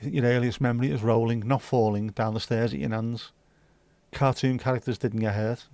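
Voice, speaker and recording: Laid-back sweary livestream host. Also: male voice, medium pitch, fairly even intonation, brisk, darkish tone, dry recording. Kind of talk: casual chat reading viewer comments.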